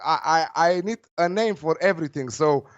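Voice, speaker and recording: A man with a Romanian accent, a betting tipster guest in casual chat, speaking haltingly with many fillers. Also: on the high side, clear, resonant tone. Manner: filler-heavy, halting, upbeat. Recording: slightly dull lo-fi line.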